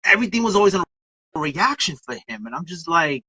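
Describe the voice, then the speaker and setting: A woman's voice: on the low side, fairly quick, slightly rough, dry recording, low-quality recording. A woman guest on a podcast, talking casually and acting out the voices of people she quotes as she tells her stories. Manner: animated storyteller, acts out quoted voices. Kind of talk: casual conversation.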